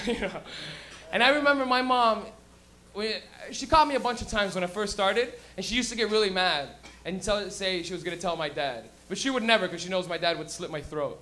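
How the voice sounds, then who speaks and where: Profane, bright-voiced stand-up comic. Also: male voice, high-pitched, fast. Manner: loud, profane, laughing at his own jokes. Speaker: stand-up comedian. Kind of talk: stand-up comedy set. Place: live comedy club stage.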